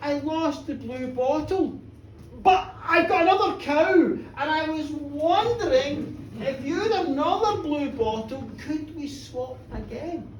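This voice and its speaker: A woman's voice: high-pitched, expressive, unhurried, a little mellow, slight background noise, voice pushed up. A woman voicing a simple, hopeful poor farmer who talks earnestly and eagerly. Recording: echoey pub room, distant mic.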